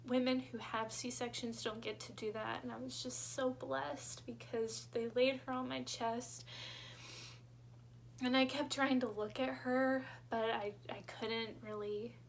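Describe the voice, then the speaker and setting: A young woman vlogger telling her personal birth story in a halting, emotional way, close to tears at times. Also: on the high side, level tone, vocal fry, slight background noise.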